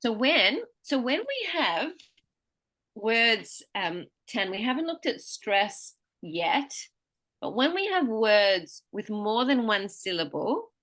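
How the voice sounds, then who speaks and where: A woman's voice: on the high side, big pitch swings, slow, fairly bright tone. A woman teaching pronunciation one-to-one online, who patiently explains syllable stress and encourages her student.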